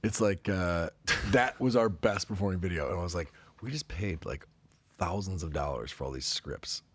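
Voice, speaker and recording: A man guesting on a podcast, telling profane stories with animated energy and frequent laughter. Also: deep voice, moderate pace, husky. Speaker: guest, company representative. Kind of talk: casual podcast chat.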